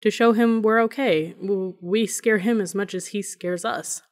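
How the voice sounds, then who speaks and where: A woman voicing an earnest, quietly bold teenage boy in an audiobook; he stammers when he is nervous. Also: mid-range voice, steady tone, unhurried, pitched above the performer's own voice, close to an everyday voice.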